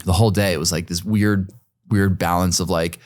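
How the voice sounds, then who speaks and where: As a podcast guest, a man in his forties tells a casual story in a deep, low register, with a steady tone and a slightly fast pace. He rambles, using lots of fillers and the occasional curse. The sound is close and dry with no room echo.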